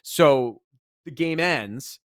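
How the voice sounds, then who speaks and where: A man co-hosting a casual podcast, telling a story with animation, rising loud when exasperated and swearing freely. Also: a little high, expressive, extremely slow, clean tone, no echo, clean studio sound. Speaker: podcast co-host, esports commentator.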